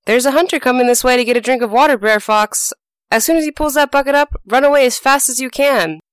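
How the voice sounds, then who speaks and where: A woman doing Brer Rabbit, a sly high-voiced trickster. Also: expressive, normal speed, no echo. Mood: urgent.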